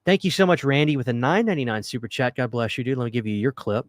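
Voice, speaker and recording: A man's voice: medium pitch, fast talker, no echo, clean studio sound. A man hosting a casual late-night livestream, reading viewer comments and rambling earnestly. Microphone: studio microphone.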